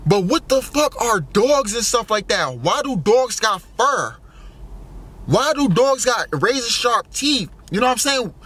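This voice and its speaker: High, bright-voiced young man musing aloud. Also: big pitch swings, a little slow, husky. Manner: musing, full of fillers and profanity, wondering aloud. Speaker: vlogger. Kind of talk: casual rambling monologue.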